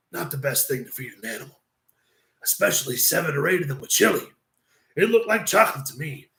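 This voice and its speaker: A crude veteran wrestler, as a man puts him on, spins a road story in a low, gravelly drawl. The voice still carries a bright edge. It sounds as if it was recorded in a roomy, echoey space. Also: full character voice. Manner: slow, profane storytelling. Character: gruff profane veteran wrestler telling road stories.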